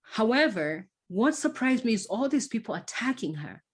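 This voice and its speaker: A woman hosting a podcast, talking in a casual, halting way with many fillers and restarts. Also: on the high side, sing-song, breathy edge. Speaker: podcast host. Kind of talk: casual conversation.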